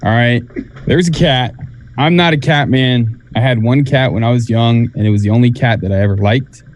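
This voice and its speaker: A man's voice: mid-range voice, moderate pace. A man chatting casually as a guest, telling a story in a rambling way with fillers. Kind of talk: casual chat. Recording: faint background noise.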